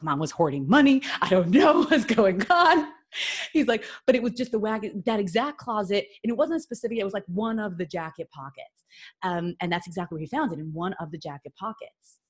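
A woman from New York, a podcast guest, telling a personal story in a chatty, animated way with lots of fillers and restarts. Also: fairly low pitch, brisk, breathy edge. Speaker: podcast guest, business consultant. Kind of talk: casual storytelling.

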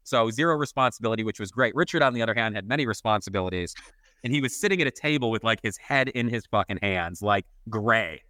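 A man co-hosting a casual podcast, spinning a long self-mocking anecdote and swearing at every turn. His voice is bright and crisp, and the sound is close and dry. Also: on the low side, lively intonation, fast, dry recording. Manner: swears constantly while telling a rambling comic anecdote. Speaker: podcast co-host, photographer.

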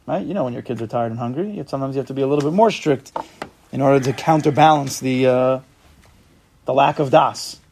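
Gravelly-voiced man teaching a Talmud class. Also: medium pitch, fairly quick, a little mellow. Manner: explains step by step, asks and answers his own questions.

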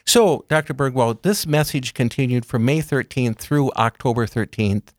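Man guest, mid-pitched, calm explainer, unhurried lists; dry booth sound. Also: no room sound. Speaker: guest speaker on religious topics. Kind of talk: calm explanatory interview talk.

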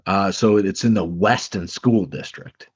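A man with a low, husky voice trades sports opinions on a podcast. He is blunt and swears casually. The recording is slightly muffled and lo-fi. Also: a little slow, dry recording. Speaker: podcast co-host.

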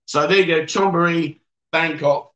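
A man's voice: fairly high pitch, fairly even intonation, normal speed, fairly bright tone, poor audio. A man hosting a casual livestream, reading viewer comments aloud and joking with his guests. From England. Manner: teasing, joking banter with guests. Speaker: livestream host.

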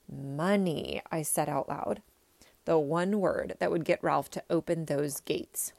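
A woman reading a children's story aloud in an expressive first-person way. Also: fairly low pitch, gravelly, no echo. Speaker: reader.

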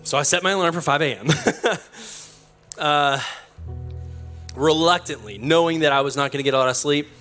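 A young male pastor telling a story in his sermon, animated and self-mocking, often laughing at himself. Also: on the high side, moderate pace, pauses often, soft background music.

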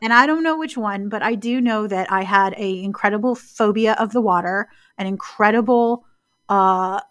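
A woman co-hosting a casual podcast, talking in a reflective, storytelling way and slowing down on key words. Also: mid-range voice, a bit bright, no echo. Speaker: podcast co-host.

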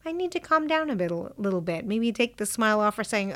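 A woman giving a calm, measured motivational talk to entrepreneurs, sometimes dropping to a soft whisper. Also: mid-range voice.

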